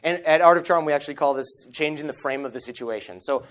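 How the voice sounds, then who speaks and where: A man in his thirties giving a storytelling talk at a conference stage microphone, animated and acting out the lines he quotes. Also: on the high side, fast. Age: 30s. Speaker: conference speaker.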